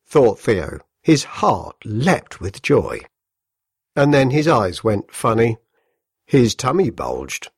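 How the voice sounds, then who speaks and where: A man reading a children's story aloud, gently amused. His husky voice swings widely in pitch at an unhurried pace. The recording is dry and close. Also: no room sound.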